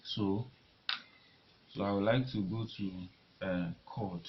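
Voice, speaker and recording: A man teaching a beginner piano lesson, talking in a halting way and repeating words as he demonstrates at the keyboard. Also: fairly low pitch, steady tone, heavy background noise. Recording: lo-fi recording with loud piano. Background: piano notes being played.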